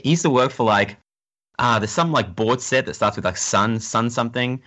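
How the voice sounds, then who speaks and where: A man's voice: mid-range voice, expressive, normal speed, a bit bright. An Australian man chatting casually as a podcast guest, rambling with lots of fillers and restarts.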